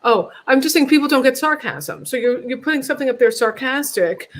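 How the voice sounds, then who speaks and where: Animated, sarcastic woman comedian on a call. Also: sits high, brisk. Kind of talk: virtual panel discussion. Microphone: video call.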